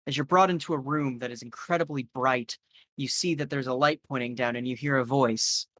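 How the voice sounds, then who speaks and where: A man's voice: mid-range voice, steady tone, brisk, fairly bright tone, dry recording, clean studio sound. Man narrating a tabletop horror game. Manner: loose, filler-heavy narration. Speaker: game master.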